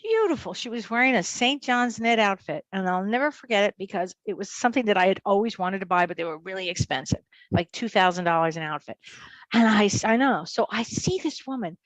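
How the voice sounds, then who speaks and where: A lively woman recounts her own story in a quick, expressive way, with a voice in the middle of the usual range. Her delivery is animated and full of acted-out dialogue. The sound is close and dry, with no room echo. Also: mid-range voice. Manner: fast, vivid storyteller who acts out dialogue. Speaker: medium, interview guest.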